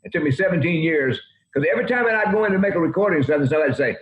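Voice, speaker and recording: An older man in his eighties talks quickly in a slightly high voice, telling folksy, rambling anecdotes. The audio sounds roomy and dull, like a lo-fi remote recording. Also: expressive. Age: 80s. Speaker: country music guest. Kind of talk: interview storytelling.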